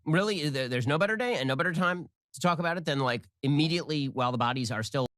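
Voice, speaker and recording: Rapid-fire sarcastic male commentator. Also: on the high side, a bit bright, no room sound, clean studio sound. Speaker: political commentator.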